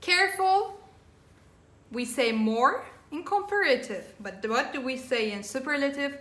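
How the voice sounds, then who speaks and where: A woman teacher giving an English grammar lesson, slowly spelling out endings and repeating words for her students. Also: high-pitched, expressive, a bit bright. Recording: echoey room.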